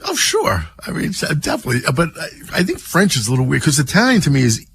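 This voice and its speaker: A man co-hosting a casual radio show, a former cop telling lively, incredulous stories. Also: a little high, fast, slightly rough.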